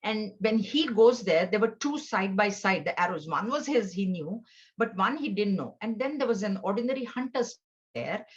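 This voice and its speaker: A woman's voice: mid-range voice, animated, normal speed. A woman teaching a scripture class, telling stories in a conversational way with fillers and restarts. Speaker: spiritual teacher. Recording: dull lo-fi recording.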